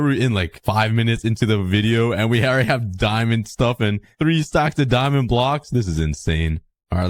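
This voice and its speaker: A young man commenting on his own gameplay, excitable and quick to laugh, sometimes breaking into shouts. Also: medium pitch, no room sound. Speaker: Minecraft gameplay creator.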